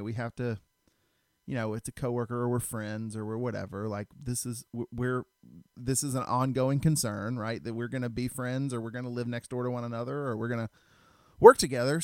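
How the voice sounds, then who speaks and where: A man of middle pitch, speaking bluntly and with lots of animation as a podcast guest. He laughs often, and his voice is recorded dry and close. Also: no room sound. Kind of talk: casual chat.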